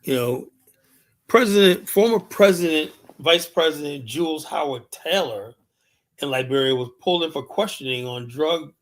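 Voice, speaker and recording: A man's voice: medium pitch, normal speed, a bit bright. A man hosting a live stream, rambling in casual chat and telling stories full of fillers. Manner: rambling, storytelling, lots of fillers like "and whatnot". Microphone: streaming mic.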